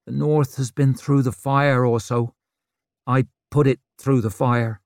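A man voicing a hard young woman leader who speaks softly, then snaps. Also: mid-range voice, steady tone, a little slow, no echo, studio quality, lightly acted. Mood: strained, defensive. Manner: soft then snapping.

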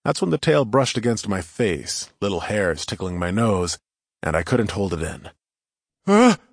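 Guy reading a first-person audiobook, lowish voice, wry, dry close mic. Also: animated, normal speed, gravelly, husky, no room sound. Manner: wry, conversational storytelling. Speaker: narrator.

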